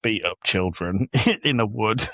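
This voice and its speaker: A man's voice: lowish voice, measured pace, no room sound, clean studio sound. A man from England, a podcast host with a young child, telling stories in casual chat and acting out the quotes. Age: adult with a young child. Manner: animated storyteller, acts out quotes.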